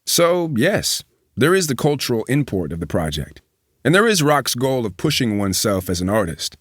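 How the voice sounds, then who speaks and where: A man reading a magazine profile aloud as a news reader, at a measured, even pace. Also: medium pitch, breathy edge, no echo, studio quality.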